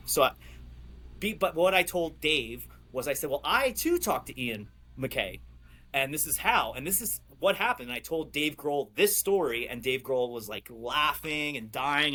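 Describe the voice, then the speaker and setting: A man guesting on a podcast, telling stories in an animated, excitable way and laughing often. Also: mid-range voice. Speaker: podcast guest, clothing brand owner. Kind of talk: casual storytelling chat.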